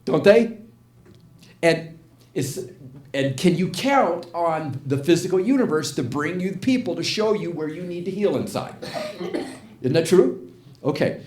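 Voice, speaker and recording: An older man telling a story in an inspirational talk, his voice rising and falling in a lively way as he acts out each line of dialogue. He sits fairly high for a man. The sound carries the echo of a hall. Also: measured pace, pauses often. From United States. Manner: animated storyteller, acts out quotes, asks the audience questions. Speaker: guest speaker at a spiritual community. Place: church hall with audience. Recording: echoey hall.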